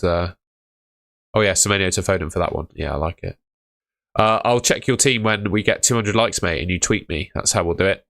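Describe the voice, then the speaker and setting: Deep-voiced young man, casual stream host. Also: a little fast, fairly bright tone, no room sound, clean studio sound. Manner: offhand, matter-of-fact, calls viewers mate. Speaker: fantasy football livestream host. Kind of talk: casual livestream chat reading viewer questions.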